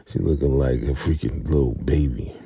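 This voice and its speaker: A man's voice: rumbling low, normal speed, gravelly, mellow, slightly rough, no echo. A man giving a casual, laid-back recap of a TV episode who chuckles often and talks to his viewers as y'all. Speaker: TV recap reviewer.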